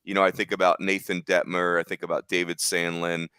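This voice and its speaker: A man with a low voice hosts a casual sports talk show in an upbeat, teasing way. His voice sounds dry and close, with no room around it. He keeps the chat loose and joking. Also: level tone, fairly quick, sharp tone, clean tone, dry recording. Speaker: podcast host.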